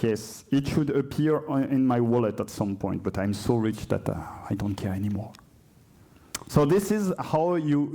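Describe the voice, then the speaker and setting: A French-accented man with a warm, medium-pitched voice gives a live coding demo in a conference hall. He's hesitant, keeps correcting himself, and drops in chatty asides.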